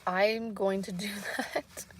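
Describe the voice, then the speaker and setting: A woman's voice: mid-range voice, steady tone, slow, slight background noise. Hesitant woman rambling on a livestream. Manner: hesitant, rambling, many fillers; soft, unsure, apologetic. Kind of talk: casual livestream chat.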